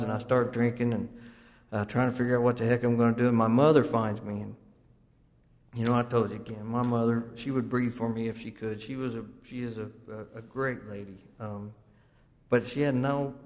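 A man's voice: medium pitch, fairly even intonation, fairly quick. Guy telling his story at a meeting, rambly, self-mocking, keeps restarting, long echo off the hall. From Oklahoma, US. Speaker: recovery meeting speaker. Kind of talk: storytelling talk to a recovery group.

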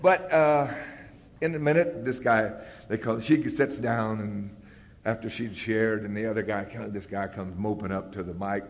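An older man telling his recovery story with rambling humor, often acting out loud quotes. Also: mid-range voice, normal speed. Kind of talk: storytelling talk at a recovery meeting. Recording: long hall reverb.

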